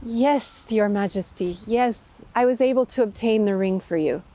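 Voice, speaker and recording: A woman's voice: medium pitch, moderate pace, mellow, natural voice, low-quality recording. A woman voicing a humble, anxious male servant who speaks earnestly and apologetically. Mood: polite.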